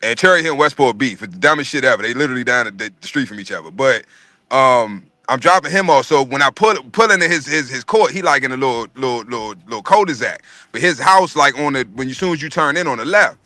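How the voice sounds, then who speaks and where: A man's voice: mid-range voice, quick pace, no echo. A man around forty, telling a profane story in casual chat and acting out every voice. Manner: profane, animated, acts out every voice.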